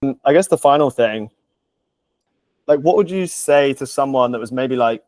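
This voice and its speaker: A man hosting a relaxed conversation, easygoing and full of "like" and "mate". His voice sits at an ordinary pitch, and the recording is dry and close. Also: normal speed, dry recording. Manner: laid-back, says "like" and "mate" constantly. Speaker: podcast host, business coach. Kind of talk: casual interview chat.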